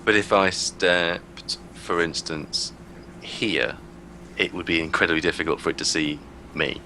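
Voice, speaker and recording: A man's voice: low voice, unhurried, pushed and bright, slight background noise. A man playing a tabletop game, hesitant and planning his moves aloud with many fillers. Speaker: player.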